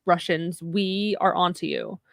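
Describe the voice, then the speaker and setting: Lowish-voiced woman recapping casually. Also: a little slow, vocal fry, no room sound, clean studio sound. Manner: casual, swears offhandedly, narrates the plot. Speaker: podcast co-host recapping episodes.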